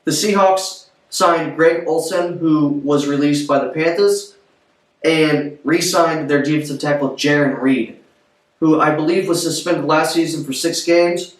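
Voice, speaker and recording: A man's voice: fairly high pitch, fairly even intonation, measured pace. A man giving blunt, offhand, opinionated football commentary in a vlog. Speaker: sports vlogger. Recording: roomy echo, distant from mic.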